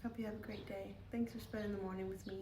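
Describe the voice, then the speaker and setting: A woman's voice: mid-range voice, little pitch movement, fast talker, mellow, roomy sound, far from the mic. Tired woman streamer, loose casual chat with pet baby talk; faint background noise. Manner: sleepy, talks baby talk to her pet. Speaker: live streamer.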